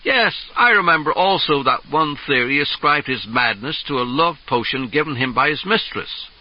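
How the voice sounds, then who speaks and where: Detached logical male alien, read by a man narrator; measured and precise, husky, on dull vintage tape. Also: fairly high pitch, expressive. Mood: cool, logical.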